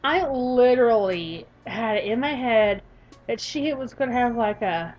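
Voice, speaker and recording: A young woman with a Southern US accent reads a visual novel aloud and comments on it, gushing and animated. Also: fairly high pitch, unhurried, highs cut off. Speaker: gaming YouTuber.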